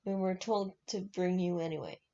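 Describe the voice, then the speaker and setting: Coarse, broad-spoken storybook henchman, read by a woman, gravelly and dark. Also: lowish voice, steady tone, normal speed, highs cut off, natural voice. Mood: taunting.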